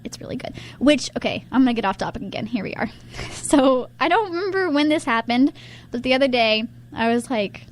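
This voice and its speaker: A woman's voice: sits high, animated, fairly quick, slight background noise. A young woman co-hosting a casual chat podcast, rambling and giggly with lots of restarts. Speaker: podcast co-host.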